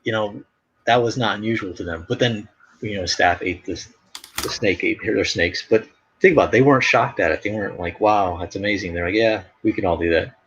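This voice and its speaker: On his live stream, a man who is an artist makes casual conversation, wandering through long-winded anecdotes stuffed with filler words. He talks fairly quickly in a fairly low, slightly bright and husky voice, and the stream sound is dull and lo-fi.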